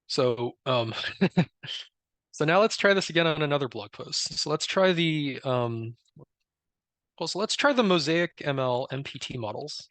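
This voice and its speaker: A man presenting a live software demo, explaining step by step in a relaxed way with many fillers. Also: on the high side, unhurried, no echo. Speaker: presenter demoing a tool.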